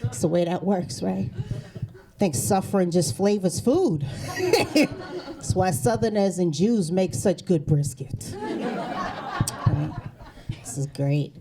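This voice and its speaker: A stand-up comedian from New England, a woman who delivers profane, sarcastic punchlines. Her pitch leaps around as she acts out bits. Live audience laughter fills the gaps, picked up by a stage mic. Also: big pitch swings, takes it slowly, pauses often, crowd noise, noisy background.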